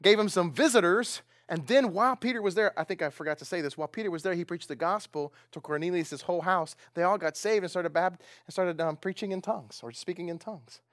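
A man's voice: sits high, dry recording, clean studio sound. A man preaching a casual sermon, retelling a Bible story with jokes and acting out the quoted lines. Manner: animated, joking, acts out quoted lines. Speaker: pastor.

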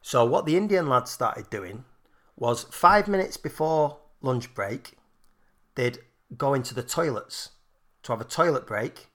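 A podcast co-host with a mid-range voice tells a funny story during casual chat, speaking a little slowly. He's animated, swears freely, and laughs his way through his own tale.

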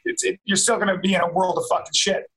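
A man's voice: high voice, quick pace, a bit bright, poor audio. A man in emphatic casual chat who swears and repeats himself.

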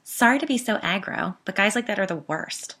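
A bright-toned, bold woman in her early thirties, as a female storyteller puts her on. She sounds cheerful and peppy, yet blunt and commanding, with no patience for rudeness. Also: on the low side, lively intonation, a little fast.

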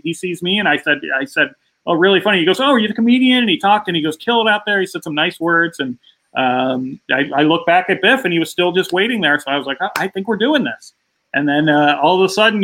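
Bright-voiced man telling a story. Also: a little high, low-quality recording. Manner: lively anecdote-telling, acting out quoted voices. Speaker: stand-up comedian guest. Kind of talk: casual interview storytelling.

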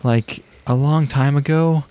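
A man co-hosting a podcast, chatting casually with dry, deadpan jokes. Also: fairly high pitch, a little slow. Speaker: podcast co-host. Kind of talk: casual chat.

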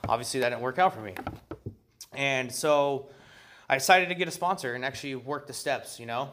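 A man's voice: mid-range voice, brisk, fairly bright tone, slight background noise. Man casually sharing at a recovery meeting. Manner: loose and profane, heavy with fillers. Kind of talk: casual personal share.

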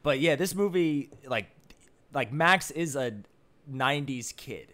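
A young man co-hosting a podcast, rambling excitedly through a casual movie chat. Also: mid-range voice, a little slow. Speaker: podcast co-host.

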